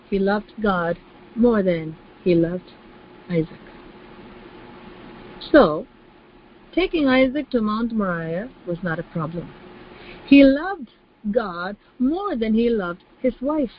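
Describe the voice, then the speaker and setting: A woman's voice: medium pitch, a little hiss or hum. Woman preacher, sermon delivery, emphatic and repetitive, acts out quoted voices; slightly dull recording.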